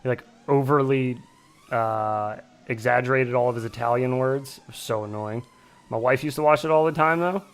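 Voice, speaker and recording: A man's voice: medium pitch, normal speed, clear, resonant tone. A man casually chatting on a live stream, rambling and joking as he reacts to chat. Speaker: streamer hosting a drone flight sim stream.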